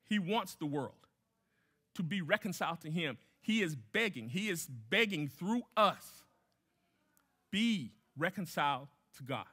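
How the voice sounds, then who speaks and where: A man's voice: fairly high pitch, very animated, measured pace, bright, forceful tone, breathy edge. A man preaching a sermon as a guest pastor, emphatic, repeating key phrases and putting questions to the congregation.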